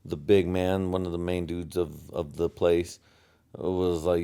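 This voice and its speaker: A man's voice: low voice, flat delivery, a little slow, warm tone, smooth. A young American man hosting a solo podcast, rambling from topic to topic with heavy profanity and chuckles at his own jokes. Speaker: podcast host.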